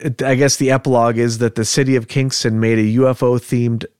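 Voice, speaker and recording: A man's voice: medium pitch, little pitch movement, fairly quick, a little mellow, smooth, dry recording, clean studio sound. A man hosting a podcast in easygoing casual chat who chuckles often between points. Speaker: podcast host.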